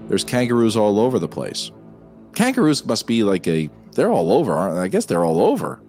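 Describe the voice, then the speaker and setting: Deep-voiced rambling male co-host. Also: wildly swooping pitch, brisk, a little mellow, soft background music. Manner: rambling, hesitant with many fillers. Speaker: podcast co-host. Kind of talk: casual movie review chat.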